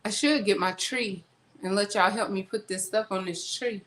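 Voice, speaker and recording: A female vlogger unpacks groceries in her home kitchen while chatting casually with her viewers, rambling and calling them "y'all". Her voice is medium-pitched and fairly bright, at a normal speed, and the room is echoey with faint noise.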